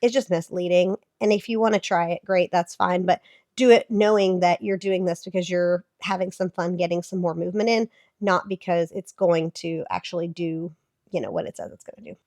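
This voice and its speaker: A woman's voice: fairly low pitch, moderate pace, a little mellow, dry recording, clean studio sound. Chatty thirtysomething woman with a sick voice. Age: 30s. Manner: chatty, explanatory, filler-heavy. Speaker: fitness vlogger and therapist. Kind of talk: casual reaction commentary.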